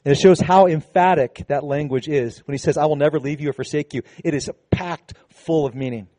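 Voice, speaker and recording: A man preaching a sermon to his congregation, animated and conversational, with casual asides. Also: a little high, a little fast, dry recording. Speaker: pastor. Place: church service with a congregation.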